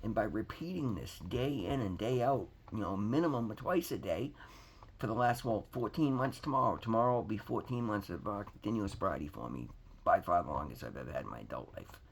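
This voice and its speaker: A man's voice: on the low side, lively intonation, brisk, creaky, slightly rough. A man giving an earnest, rambling personal testimony to his viewers, emphatic and calling them guys. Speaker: recovery vlogger.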